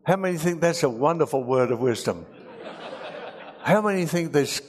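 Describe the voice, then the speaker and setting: A man's voice: fairly high pitch, lively intonation, moderate pace. A man preaching a sermon, reading scripture aloud and adding emotional, humorous asides.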